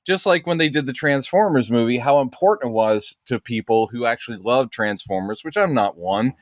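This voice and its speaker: A man's voice: mid-range voice, expressive, brisk, dry recording. Rambling man with a dry, close sound. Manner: rambling, with many fillers and restarts. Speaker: podcast co-host. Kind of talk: casual chat.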